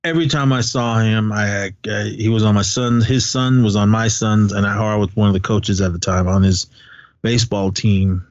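A middle-aged man from California, chatting on a podcast, telling stories in a profane, animated rant. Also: on the low side, moderate pace, dry recording. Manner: profane, ranting, animated storytelling. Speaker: podcast co-host. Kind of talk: casual podcast chat. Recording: dull, dry podcast recording.

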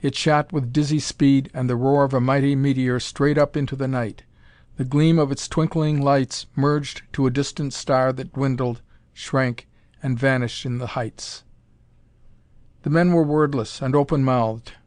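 A man in the middle of his range narrates a story at a measured, plain pace. The recording is close and dry, with no room sound at all. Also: mid-range voice, fairly even intonation, darkish tone, no echo. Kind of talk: storybook reading of pulp science fiction.

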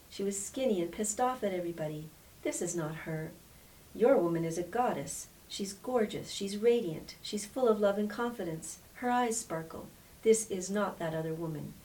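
A woman's voice: on the low side, lively intonation, normal speed, darkish tone. A woman voicing a blunt, incredulous male friend in a read-aloud story, with a distant mic and faint hiss.

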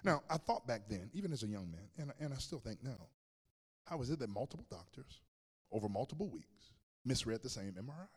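Speaking briskly and with great animation, this preacher has a medium-pitched, slightly mellow voice with a breathy edge. His sermon mixes a humorous personal story with direct words to the congregation, echoing through a big hall.

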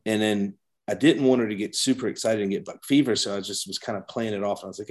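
Male podcast guest, low voice, rambling storyteller with many restarts. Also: fast. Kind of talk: casual chat.

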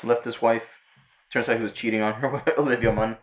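Man, podcast co-host, casual chat, profane, animated cartoon recaps. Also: brisk. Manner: profane, retells cartoon scenes with jumpy high-pitched impressions.

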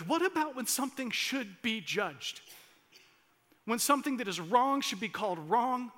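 A man delivers a sermon with earnest conviction, pressing into impassioned emphasis and often restarting his phrases. His voice sits high. It has a bright, ringing edge. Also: animated, moderate pace. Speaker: pastor.

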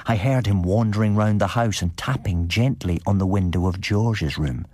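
A man narrating a ghost story on his podcast in a measured, suspenseful way. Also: on the low side, a little mellow, no room sound. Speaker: podcast host and story reader.

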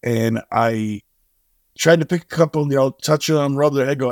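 Animated storytelling man, dry sound. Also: medium pitch, moderate pace, no room sound. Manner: animated storyteller who acts out dialogue. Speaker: charity co-founder and guest; singer-songwriter. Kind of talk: storytelling in a podcast interview.

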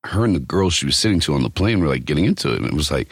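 Podcast co-host, male: deep husky voice, swings wide when telling stories, crude and blunt, dry room. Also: racing, dry recording. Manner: profane, animated storyteller. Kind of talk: casual chat.

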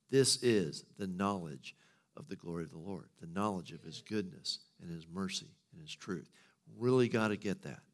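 Casual, humorous male pastor preaching. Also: sits low. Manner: casual, humorous, lively storytelling. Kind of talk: sermon.

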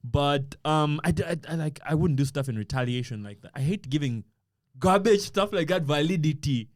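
A man's voice: on the high side, moderate pace, no echo, clean studio sound. A young man co-hosting a podcast, telling stories in casual slang and acting out what he said. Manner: animated storyteller, slangy, acts out quotes. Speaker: podcast co-host.

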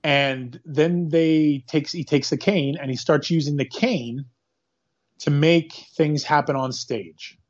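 Rambling man on a lo-fi podcast. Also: a little high. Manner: rambling, animated retelling with quick quoted asides. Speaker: podcast co-host. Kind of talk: casual movie-recap chat. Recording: dull lo-fi sound.

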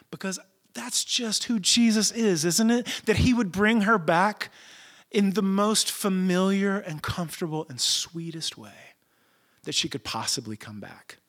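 Male pastor, lively slangy sermon delivery, somewhat high. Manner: animated storytelling with casual slang.

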